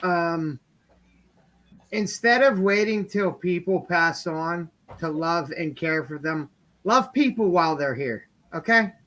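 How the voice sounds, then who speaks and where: A worn-out man co-hosts a podcast, speaking bluntly with plenty of swearing. His voice is high and bright with a tense edge. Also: slow pace. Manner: blunt, profane, tired. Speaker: podcast co-host. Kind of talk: casual chat.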